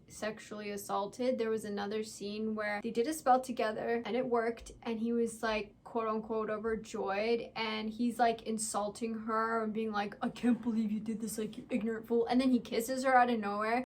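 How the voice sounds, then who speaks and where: A young woman talks through a book review in a casual, blunt way, with a slightly higher voice. She is sarcastic, swears freely and leans on "like" as she acts out characters' lines from the scenes she retells.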